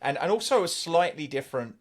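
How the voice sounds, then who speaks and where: A man's voice: on the high side, expressive, brisk. A man hosting a football podcast in a chatty, rambling way that breaks into easy laughs. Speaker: podcast host. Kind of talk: casual podcast chat.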